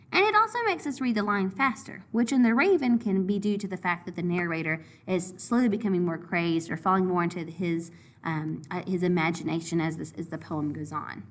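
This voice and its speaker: Woman teacher with a lively voice. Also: mid-range voice. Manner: explanatory, clear step-by-step teaching. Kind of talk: recorded lesson review.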